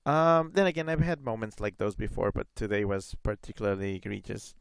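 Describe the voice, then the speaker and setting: A man's voice: lowish voice, lively intonation, brisk, gravelly, smooth, no echo. A man chatting casually on a live gaming stream, rambling with lots of fillers and reading chat messages aloud.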